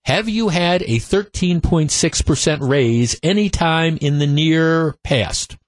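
A man hosting a political talk radio show, speaking with many halting restarts into a studio microphone. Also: fairly high pitch, expressive, no echo.

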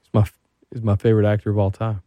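Dude hosting a chat show, gets all fired up telling stories, super dry close mic. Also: male voice, fairly low pitch, very fast, no room sound, dull audio. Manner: animated, excitable storyteller. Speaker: podcast host. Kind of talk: casual chat.

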